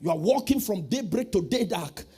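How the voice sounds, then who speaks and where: A man preaching a sermon in a high, husky voice. He calls out to the congregation and swings from quiet asides to full shouts. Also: lively intonation, moderate pace. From Nigeria. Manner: preaching with call-and-response, swinging from soft to shouting. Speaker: pastor.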